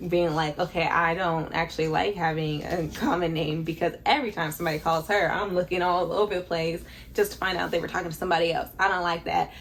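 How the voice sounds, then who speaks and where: A young woman vlogging casually about a book, excitable and dramatic, with bursts of laughter and squeals. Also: mid-range voice, slight background noise. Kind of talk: casual reading vlog chat.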